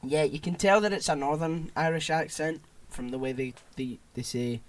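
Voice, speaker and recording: A British man co-hosting a podcast, chatting casually, excitable and sweary, laughing often. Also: a little high, moderate pace, a little hiss or hum. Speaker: podcast co-host. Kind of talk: casual chat.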